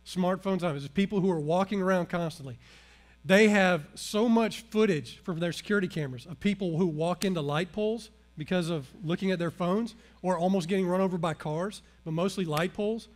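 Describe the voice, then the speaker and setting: Animated man preaching a sermon. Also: sits high, brisk. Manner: animated, swings from loud emphasis to hushed earnestness. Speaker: pastor.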